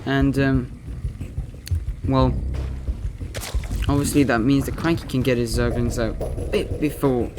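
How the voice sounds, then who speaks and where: A man's voice: medium pitch, steady tone, measured pace, pauses often, noisy background, lightly acted. A man doing an amateur game-caster impression. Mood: upbeat commentary. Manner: hesitant, full of fillers and self-corrections. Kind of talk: game replay commentary.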